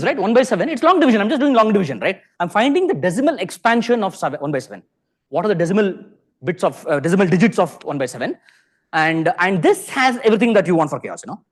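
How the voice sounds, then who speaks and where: A man with an Indian English accent giving a lecture to a live audience in a lecture hall. He keeps asking the room questions. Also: sits high. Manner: animated, peppers sentences with rhetorical questions.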